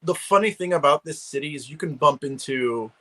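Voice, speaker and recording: A man's voice: a little high, animated, brisk, fairly bright tone, rough recording. A man chatting casually over a video call, rambling with many restarts. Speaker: guest collector. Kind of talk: casual chat.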